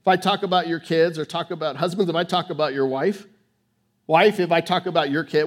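Guy preaching on a lit stage, talks fast then slows way down to hit the point, gets quiet then loud. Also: on the high side, steady tone. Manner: dramatic swings from hushed to loud, emphatic repetition; fast rushed delivery, slowing for key phrases. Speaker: pastor. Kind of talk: sermon with personal testimony. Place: stage under lights before a congregation.

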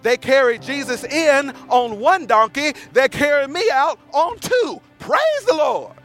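A male preacher voicing an older woman churchgoer who shouts her praise in a high falsetto. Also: a little fast, natural voice. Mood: triumphant. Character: older woman church member, joyful and irrepressible.

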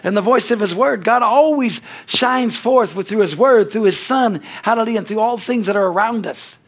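A man with a high-pitched voice preaches a sermon with fervent energy. He peppers his lines with amen and hallelujah and breaks into quick acted-out dialogues. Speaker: pastor.

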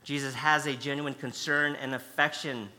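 A man's voice: medium pitch, level tone, moderate pace, pushed and bright. A man preaching a sermon, emphatic and conversational, stressing key words by repeating them. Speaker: pastor.

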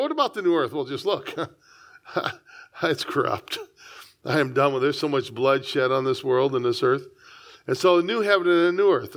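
A man with a notably high voice preaches a sermon. He speaks as a pastor, reading scripture and breaking into conversational asides. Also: fairly bright tone. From United States.

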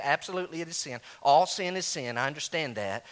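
Animated, bright-voiced male pastor preaching. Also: quick pace, few pauses. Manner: animated, rising to high exclaims, then dropping low and quiet. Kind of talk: sermon.

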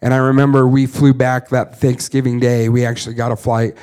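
A man in his thirties tells his story as a missionary, earnest and candid, with quick laughs at his own expense. His voice sits at an ordinary middle pitch for a man. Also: flat delivery, a little mellow, clean tone. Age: 30s. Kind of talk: personal testimony story.

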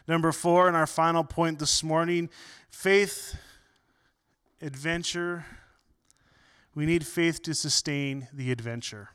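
A male pastor delivers a sermon in an earnest way, often doubling his words. His voice swings between loud and soft. It sits a little high, and the tone is smooth and resonant.

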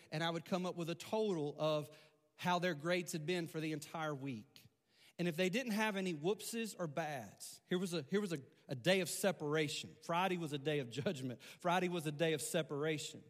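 A man pastor tells a personal story from the pulpit in an easy, conversational way, repeating words as he builds momentum. His voice sits a little high for a man. The sound carries a long reverb from a large hall. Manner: conversational, animated storytelling with repetitions. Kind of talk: storytelling sermon.

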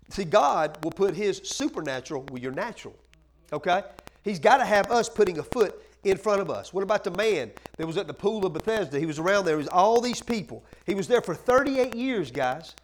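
A man preaching a sermon as pastor. He asks the congregation questions and answers them himself, drops to a hush at times, then builds up loud and fervent. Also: high voice, animated, brisk, slight background noise.

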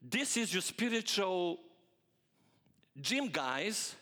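Male pastor preaching, bright sharp voice, lots of rhetorical questions, echoey church hall. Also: high voice, very slow. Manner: animated, rhetorical questions, addresses congregation. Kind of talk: sermon.

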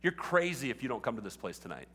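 Fast-talking and sing-song, this pastor has a medium-pitched voice that is bright, forceful, and slightly rough. His sermon in the church sanctuary opens conversationally and builds to fervent exhortation, echoing with the long reverb of a large hall.

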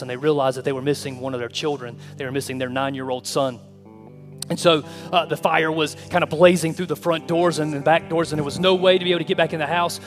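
A male pastor preaching a sermon with an impassioned, repetitive cadence. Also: medium pitch. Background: soft guitar music.

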